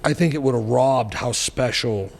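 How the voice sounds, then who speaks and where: A man in his forties telling his story as a podcast guest, in a blunt, profane and animated way. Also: mid-range voice, normal speed, vocal fry, big-room sound. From New Hampshire, US. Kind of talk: storytelling interview.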